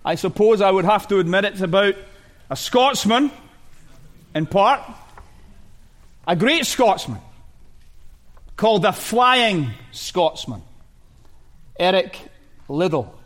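A middle-aged man from Scotland praying and preaching a sermon in a measured, earnest way. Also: sits high, fairly bright tone. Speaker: pastor. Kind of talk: sermon with prayer.

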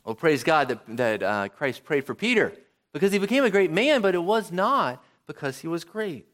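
A male pastor delivers a sermon, with his pitch rising and falling in a lively way. His voice sits a bit high for a man, and he works through a string of rhetorical questions to the congregation. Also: moderate pace. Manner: animated preaching with rhetorical questions. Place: church.

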